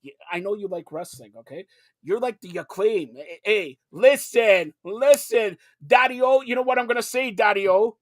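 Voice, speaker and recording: A man hosting a casual interview show, excitable and joking, often repeating his words. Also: high voice, moderate pace. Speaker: host.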